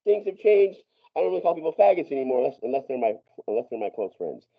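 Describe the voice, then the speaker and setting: A man's voice: mid-range voice, big pitch swings, quick pace, vocal fry. Profane rambling man, dull lo-fi audio. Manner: profane, rambling, many restarts and laughs. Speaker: podcast guest. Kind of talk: casual storytelling.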